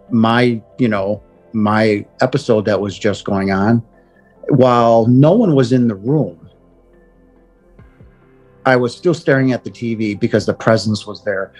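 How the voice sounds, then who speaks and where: A middle-aged man earnestly telling of his near-death experience, often halting and repeating words as he goes. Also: fairly low pitch, darkish tone. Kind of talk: personal testimony.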